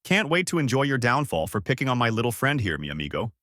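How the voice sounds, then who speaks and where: A man's voice: mid-range voice, very animated, fast talker, a bit bright, dry recording. A cocky, long-haired desert bandit makes smug threats, voiced by a male narrator. The recording is dry and close. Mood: threatening.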